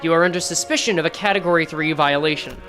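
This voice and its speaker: A woman's voice: low-pitched, fast talker, a bit bright, faint music behind. A woman reading a stern corporate enforcer. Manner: formal, procedural.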